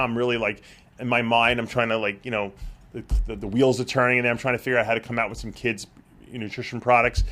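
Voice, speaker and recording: A man's voice: mid-range voice, a bit bright. A man hosting a live question-and-answer show, talking casually with frequent fillers and restarts as he explains. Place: studio.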